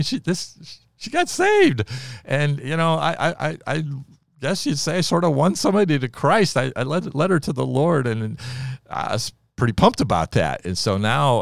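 Low, gravelly preacher type telling a lively story on a podcast, dry close recording. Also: male voice, dry recording. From Ohio. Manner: animated storytelling, chuckles often. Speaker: preacher sharing his testimony. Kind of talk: personal testimony on a podcast.

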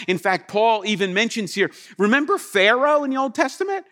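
A man preaching a sermon to a congregation, animated and emphatic, acting out the scripture he quotes. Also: high-pitched, normal speed, hardly any pauses. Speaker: pastor. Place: church with slides.

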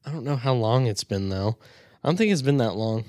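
A man's voice: mid-range voice, animated, fairly quick, a little mellow, dry recording, clean studio sound. A man co-hosting a casual podcast, laid-back, laughing and cursing offhand. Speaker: podcast co-host.

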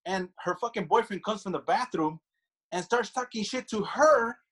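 A man's voice: sits high, normal speed, fairly bright tone. A man co-hosting a talk show, talking casually in a profane, rambling way. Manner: profane, rambling, restarts often. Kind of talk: casual chat.

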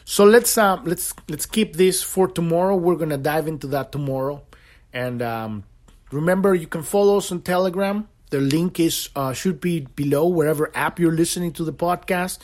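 A man's voice: on the high side, normal speed, a little mellow. A man hosting a solo spiritual podcast, talking in an impassioned and repetitive way and swearing freely. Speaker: podcast host.

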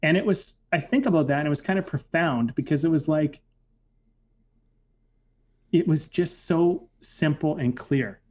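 A man's voice: fairly high pitch, unhurried, long pauses, a little mellow. A man casually telling a personal story, reflective, with lots of "like" and "you know" fillers. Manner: reflective, filler-heavy with frequent "like".

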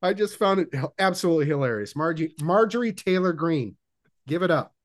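A man co-hosting a casual podcast, making wry deadpan quips. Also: a little high, fairly quick. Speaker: podcast co-host. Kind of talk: casual chat.

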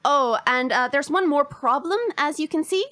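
A woman's voice: high voice, animated, moderate pace, fairly bright tone, no room sound, clean studio sound. A woman putting on a wry Irish girl jailed as a witch. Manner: chatty, wry, a little grim. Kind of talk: character voice in a tabletop game.

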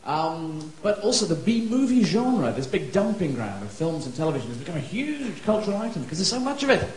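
A man's voice: sits high, big pitch swings, brisk, darkish tone. A man guesting on a casual podcast, rambling with enthusiasm. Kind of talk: casual chat. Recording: roomy audio with crowd noise.

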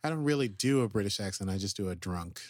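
A man co-hosting a casual podcast, playful and chatty, often reading quotes aloud with quick asides. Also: lowish voice, animated, dry recording, clean studio sound. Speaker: podcast co-host.

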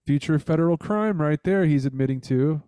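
Podcast guy rambling and cussing, mellow voice, dry close sound. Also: a little high, a little fast, smooth, no echo. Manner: rambling, profane, mocking. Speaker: podcast host. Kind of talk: casual podcast chat.

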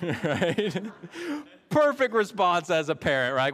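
A man, a campus pastor, preaching a storytelling sermon in a chatty, lively way and often asking the congregation "right?". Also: fairly high pitch, unhurried. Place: church service before a congregation.

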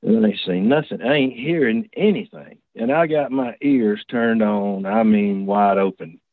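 A man's voice: fairly low pitch, moderate pace, dry recording. A man tells a personal story in a casual, folksy, rambling way, full of restarts and asides. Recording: tinny dry phone line.

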